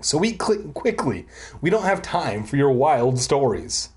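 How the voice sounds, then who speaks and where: A man's voice: medium pitch, big pitch swings, unhurried, a little mellow, slight background noise. A man voicing an impatient, overworked scientist mother brushing off her child. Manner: impatient, clipped.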